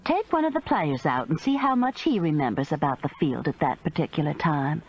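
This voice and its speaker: A woman reading a cozy mystery audiobook in expressive first-person narration. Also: sits low, fairly quick, breathy edge, muffled recording. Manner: expressive storytelling.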